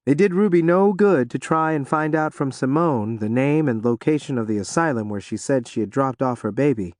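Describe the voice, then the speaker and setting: Narrating an audiobook, a man tells the story expressively at a moderate pace with a medium-pitched voice. The studio-quality recording has no room sound.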